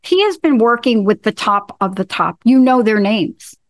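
Enthusiastic higher-voiced woman hosting a show. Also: expressive, moderate pace, no echo. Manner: enthusiastic, repeats and restarts phrases. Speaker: show host. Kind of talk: casual talk-show chat.

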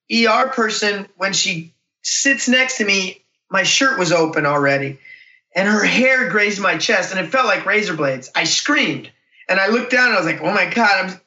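A man telling a personal story in an animated, intense way. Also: sits high. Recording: roomy, distant, dull recording.

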